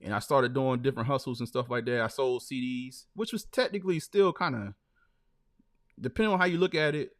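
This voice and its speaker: Speaking briskly in a mid-range, fairly bright voice, the host of a live stream chats casually. His storytelling is loose and packed with fillers like "man" and "like."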